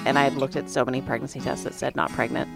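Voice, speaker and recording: Married woman, animated storyteller, very low gravelly voice, faint guitar behind. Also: rapid-fire. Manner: animated, reenacts scenes with big voice jumps. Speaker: married woman sharing her pregnancy story. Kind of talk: casual personal storytelling.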